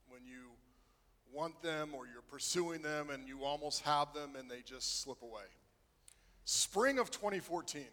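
A man preaching a sermon, telling a story that swings from hushed to excited. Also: a little high, big-room sound. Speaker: pastor.

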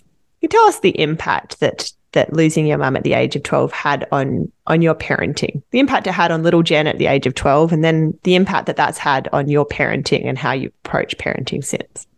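A woman co-host asking questions in a gentle, hesitant, soft-spoken way. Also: deep voice, creaky. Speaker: podcast co-host interviewer. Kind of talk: conversational interview.

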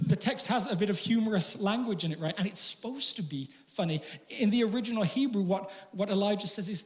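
A man's voice: high voice, animated, normal speed. A man preaching a sermon in a conversational way, with rhetorical questions and light humorous asides. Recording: long reverb of a large hall.

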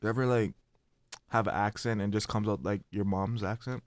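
A young man co-hosting a casual podcast chat, loud and laughing, full of slang. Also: fairly low pitch, fairly even intonation, a little fast. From Canada. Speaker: podcast co-host.

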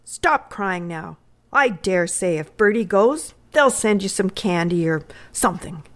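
A woman's voice: medium pitch, animated, a little slow. A woman voicing a stern mother who scolds her son. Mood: scolding.

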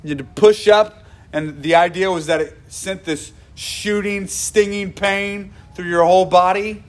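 A man's voice: high-pitched, fairly even intonation, a little slow. A male pastor delivering a sermon in an earnest voice, repeating phrases for emphasis and often restarting his sentences.

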